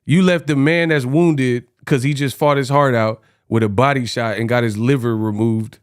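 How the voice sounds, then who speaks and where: A man's voice: medium pitch, steady tone, moderate pace, clear, resonant tone. A man hosting a boxing commentary channel, reacting in a slangy, mocking, incredulous way.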